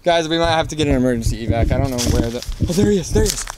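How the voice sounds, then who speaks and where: A man's voice: medium pitch, expressive, rapid-fire, background noise, close to an everyday voice. A man playing an exasperated camera operator who keeps urging his host to stop eating mushrooms. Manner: incredulous, keeps repeating himself. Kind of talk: comedy sketch acting.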